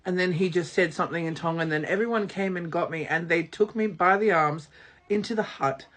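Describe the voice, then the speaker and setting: An adult from Australia, telling a wild story in a casual vlog, animated, swearing freely and acting out the quotes. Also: mid-range voice, fairly quick. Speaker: vlogger.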